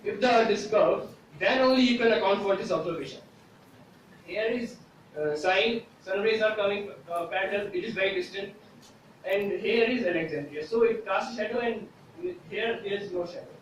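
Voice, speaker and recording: A man with a fairly high voice gives a presentation, pausing often with "uh" as he explains. He is picked up from a distance in a very echoey room. A faint noise sits behind him. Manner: hesitant, frequent "uh" fillers, explanatory. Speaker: student presenter. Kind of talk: classroom presentation.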